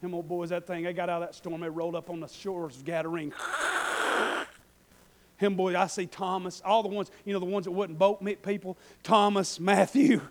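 A man preaching a sermon, swinging between loud shouted passages and quiet folksy asides. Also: sits high, steady tone, normal speed, a little hiss or hum.

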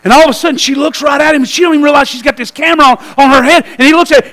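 A man preaching a sermon to a church, telling a story with lively asides and calls to the congregation. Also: very high-pitched, fairly quick, few pauses, poor audio. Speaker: pastor.

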